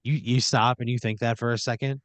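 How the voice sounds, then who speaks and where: A man improvising a comedic story on a podcast, narrating in second person with deadpan, drawn-out phrasing. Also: medium pitch, no echo. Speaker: podcast host spinning a scenario.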